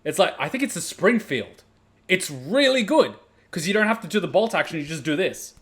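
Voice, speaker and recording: A man hosting a casual reaction video, animated and outspoken, swearing and laughing as he talks. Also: sits high, brisk, slightly rough.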